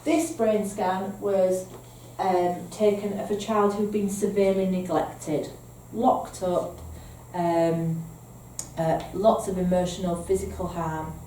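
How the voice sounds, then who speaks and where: A woman's voice: on the low side, level tone, takes it slowly, dark tone, a little hiss or hum. Northern English woman training foster carers. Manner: explanatory, repeats points with rhetorical "okay?". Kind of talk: training presentation. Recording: echoey room, mic at a distance, faint ambience.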